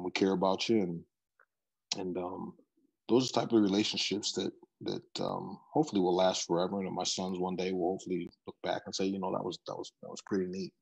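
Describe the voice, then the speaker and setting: A man's voice: sits low, vocal fry, darkish tone, husky, low-quality recording. A middle-aged man, a football coach, telling stories in an interview, often repeating words as he starts a sentence. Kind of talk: interview storytelling.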